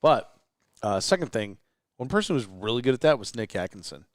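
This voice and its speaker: A man chatting as a podcast guest late at night, telling lively anecdotes. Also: mid-range voice, brisk, no room sound, clean studio sound. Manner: storytelling, animated anecdotes. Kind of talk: late-night casual chat. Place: indoors in a rental house.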